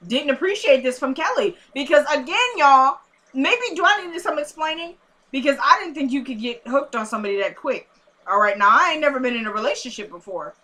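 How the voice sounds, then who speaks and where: A young woman recapping a TV episode in a chatty, animated way, talking straight to her viewers. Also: high-pitched, a little fast. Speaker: TV episode reviewer. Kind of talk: casual recap to camera.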